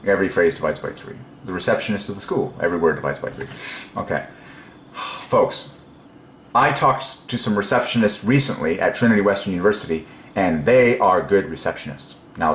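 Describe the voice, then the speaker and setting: Deep-voiced man musing in an echoey room. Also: fairly bright tone, slight background noise. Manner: rambling and musing, many ums, chuckles to himself. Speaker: religious video presenter. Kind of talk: casual solo preaching monologue.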